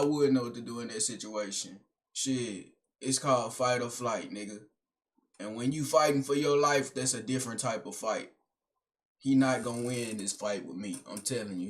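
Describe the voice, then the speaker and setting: Reaction host: high-pitched man, sharp bright tone, swearing, heated casual rant. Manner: heated, animated ranting, swearing heavily. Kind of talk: profane casual reaction commentary.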